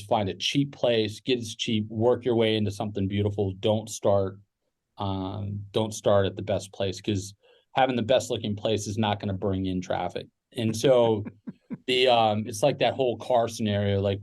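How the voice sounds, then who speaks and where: A man's voice: on the low side, a little mellow. A middle-aged man telling a personal business story casually, rambling with fillers and restarts. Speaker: podcast guest, business owner.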